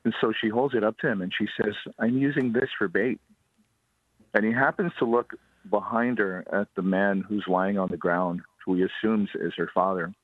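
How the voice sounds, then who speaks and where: Low-voiced man over a phone line. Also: dry recording. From Hawaii. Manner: steady, unhurried storyteller. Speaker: ghost tour guide, guest. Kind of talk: ghost story telling on radio. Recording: dry, tinny phone line.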